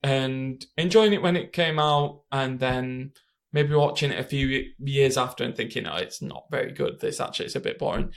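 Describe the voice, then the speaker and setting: A man's voice: medium pitch, moderate pace, vocal fry. A British man co-hosting a casual film podcast, rambling through memories of a movie. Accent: British English. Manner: rambling, storytelling, many fillers. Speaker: podcast co-host. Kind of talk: casual film review chat.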